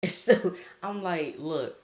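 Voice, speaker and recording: A young man telling a casual storytime with slang and swearing, breaking into high-pitched outbursts. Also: takes it slowly. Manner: animated, swings into high-pitched outbursts when quoting.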